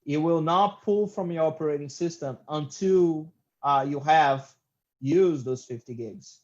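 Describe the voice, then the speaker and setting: Man, IT instructor, hesitant with lots of fillers, slightly high voice, dull lo-fi mic. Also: a little slow, a little mellow. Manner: loose, hesitant, many "uh" fillers. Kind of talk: screen-recorded software tutorial.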